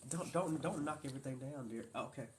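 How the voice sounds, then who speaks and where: A man's voice: medium pitch, brisk, a crowd in the background. Playful, teasing father chatting on a live stream. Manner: talks to his viewers as "y'all". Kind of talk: casual live-stream chat.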